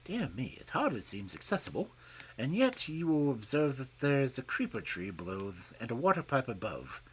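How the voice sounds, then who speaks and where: Man doing a calm, courteous detective. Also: mid-range voice, slight background noise, lightly acted. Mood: amused. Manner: measured and courteous. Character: calm, polite, amused male detective.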